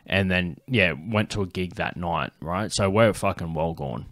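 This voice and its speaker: A man's voice: sits low, normal speed, fairly bright tone, dry recording, studio quality. A young Australian man hosting a comedy podcast, telling a rambling, profane story full of ums and restarts and laughing often. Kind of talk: casual chat, rambling anecdote.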